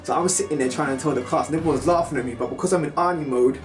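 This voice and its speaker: A British man telling a story in a casual, animated way to his viewers, now and then breaking into loud film impressions. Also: on the high side, racing, distant mic, soft background music. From United Kingdom. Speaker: vlogger.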